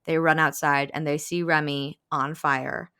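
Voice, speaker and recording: Brief: lower-pitched woman, animated book-recap host, acts out quotes. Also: unhurried, clean tone. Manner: animated retelling, acting out quotes, frequent laughs. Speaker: podcast host. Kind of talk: casual book-recap chat.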